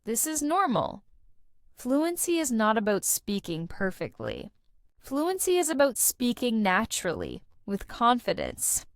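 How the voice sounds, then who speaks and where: A woman delivers a scripted English lesson in a slow, deliberate teaching manner. Her voice sits a little high and moves through a wide, animated melody. The sound is dry and close. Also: no room sound.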